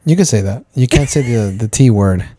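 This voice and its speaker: A woman's voice: a bass voice, expressive, a little fast, dark tone, no echo. A woman hosting a podcast in casual chat, a supportive listener who answers with short agreements. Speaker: podcast host.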